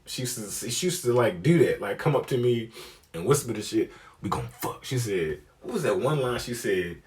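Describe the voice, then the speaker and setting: A young man telling a comic story, profane and animated, acting out the people he quotes. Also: mid-range voice, a little fast. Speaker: comedian. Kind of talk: storytelling comedy.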